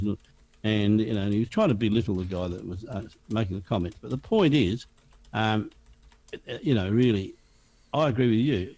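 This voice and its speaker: A man's voice: lowish voice, fairly even intonation, moderate pace, mellow. An Australian man co-hosting a casual sports podcast, blunt and scornful, often restarting his sentences. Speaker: podcast co-host.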